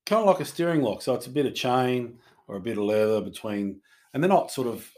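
A man's voice: medium pitch, expressive, a little fast, darkish tone. A man co-hosting a podcast in a laid-back, joking way, plainly explaining things about horses. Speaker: podcast co-host. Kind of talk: casual chat.

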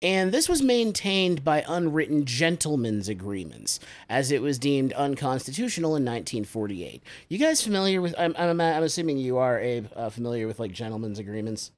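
Lively man hosting a talk podcast. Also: mid-range voice, brisk, few pauses. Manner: explains topics, asks guests questions. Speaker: podcast host. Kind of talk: casual discussion podcast.

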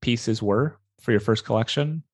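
A woman's voice: very deep voice, normal speed. A woman hosting an interview, asking curious questions and laughing along with her guest. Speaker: podcast host.

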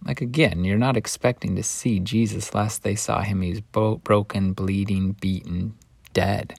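Male scripture teacher, lower voice, lively storytelling, dry close sound. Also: moderate pace, gravelly, no room sound. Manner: animated storytelling, swinging between hushed and lively.

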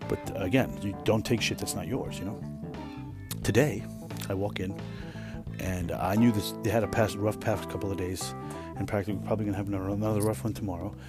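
A man hosting a podcast, telling a rambling, profane workplace story in a casual, animated way. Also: lowish voice, fairly quick, over loud music. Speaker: podcast host.

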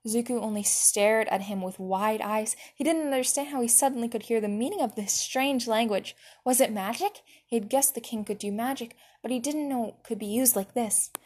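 A woman reading fan fiction aloud with expressive narration. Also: fairly high pitch, brisk, hardly any pauses. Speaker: reader.

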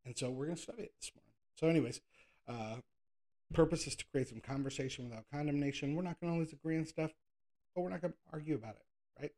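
A man's voice: a little high, fast talker, warm tone. A man preaching a casual sermon, reading scripture and talking conversationally, sometimes doing playful whiny voices. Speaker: pastor.

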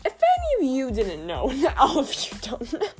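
A woman's voice: high voice, huge pitch swings, moderate pace, music in the background. A young adult woman co-hosting a podcast, trading playful, giggly, mock-dramatic banter. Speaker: podcast co-host. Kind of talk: casual comedic banter.

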